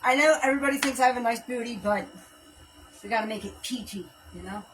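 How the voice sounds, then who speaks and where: A fitness livestream host works out at home, counting reps and chatting casually, a little out of breath. Her voice is on the high side and she talks fast, but the mic is distant, music plays behind her, and the audio is poor.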